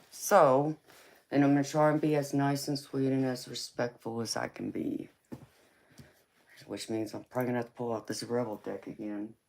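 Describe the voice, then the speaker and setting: A woman's voice: very deep voice, vocal fry, darkish tone. A woman with a Southern US accent from Georgia, hosting a casual live tarot stream, greeting viewers with honey and baby and lecturing them about manners. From United States. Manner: folksy, calls viewers honey and baby, laughs often. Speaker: tarot reader and livestream host.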